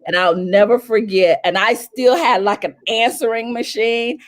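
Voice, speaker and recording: A woman from North Carolina, a celebrity publicist telling stories as an interview guest, animated and acting out what people said in a raised voice. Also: fairly high pitch, moderate pace. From North Carolina, USA. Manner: animated, acts out quotes in a raised voice. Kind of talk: storytelling in an interview.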